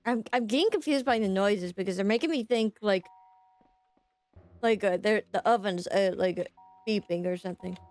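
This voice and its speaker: A woman's voice: medium pitch, moderate pace, darkish tone, faint music behind. A woman from Texas with a Southern accent, chatting and swearing casually as she plays a game and voices its characters. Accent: Southern American. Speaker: streamer.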